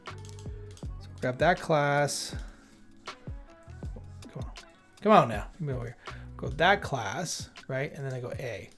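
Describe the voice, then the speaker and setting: A man's voice: mid-range voice, lively intonation, takes it slowly, long pauses, fairly bright tone, faint music behind. Man casually coding on a stream. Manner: casual, mutters to himself, jokey asides. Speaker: live coding stream host. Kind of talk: thinking aloud while coding.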